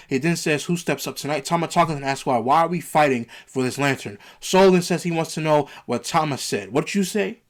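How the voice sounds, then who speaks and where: A man ranting through a wrestling show review, heated and emphatic, repeating his points to the viewers. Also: a little high.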